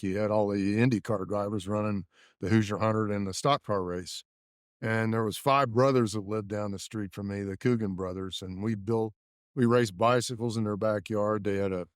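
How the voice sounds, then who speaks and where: A man in his seventies from Indianapolis, a former race mechanic telling stories in a studio interview at a measured pace with many fillers. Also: fairly low pitch, no echo. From Indianapolis, USA. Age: 70s. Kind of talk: casual interview storytelling.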